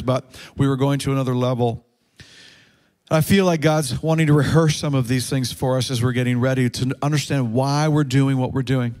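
A male pastor delivers a sermon with a fairly high voice for a man. He preaches earnestly and stresses key points with climbing pitch. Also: a little mellow.

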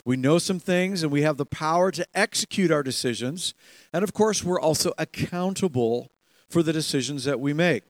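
Animated preaching man with a dry sound. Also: fairly high pitch, no echo. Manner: animated, acts out quoted voices, laughs often. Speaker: pastor. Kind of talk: sermon.

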